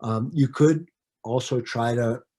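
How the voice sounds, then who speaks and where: A man's voice: mid-range voice, slow, warm tone. A man leading an online training session, talking conversationally and answering participants' comments by name, with frequent fillers and restarts.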